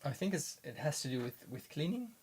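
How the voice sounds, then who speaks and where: A man casually commenting in his studio as he looks at his handmade pigments, halting and restarting often. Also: fairly high pitch, big pitch swings, a little mellow, slight background noise. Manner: rambling, halting, many restarts. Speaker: pigment maker filming his studio work. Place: home studio.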